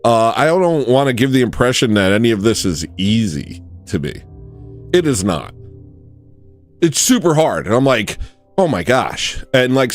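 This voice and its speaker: A man hosting a livestream, rambling through a comedic monologue and acting out shouting kids. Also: mid-range voice, no echo. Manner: animated, jokey, often mimics shouting kids. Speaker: livestream host.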